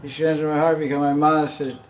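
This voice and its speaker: A man's voice: on the high side, little pitch movement, very fast, slight background noise. A man teaching a devotional class in a loose, conversational way, often chuckling and acting out the pleas he quotes. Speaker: spiritual teacher.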